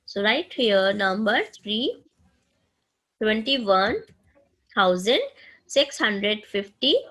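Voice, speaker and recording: A woman with an Indian English accent teaching a maths lesson to students, slow and deliberate, often checking in with "okay". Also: medium pitch, expressive, a bit bright, poor audio. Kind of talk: recorded classroom lesson.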